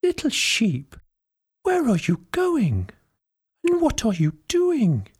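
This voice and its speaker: A man voicing a kindly, generous old woman in a storybook, with a high fluttery voice. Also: wildly swooping pitch, slow pace, darkish tone, breathy edge, exaggerated voice. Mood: warm, eager.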